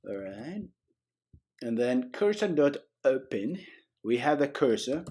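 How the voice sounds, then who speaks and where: A man's voice: medium pitch, slow pace. A young man hosting a casual programming tutorial, chatty and joking, with frequent okays and rights. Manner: chatty, animated, often adds okay and right, jokes. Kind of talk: casual screen-recorded coding tutorial.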